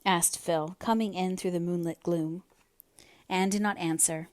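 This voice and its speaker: A woman reading a novel aloud as narrator, in a measured, expressive way. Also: fairly low pitch, no room sound. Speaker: audiobook reader. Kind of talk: storybook narration.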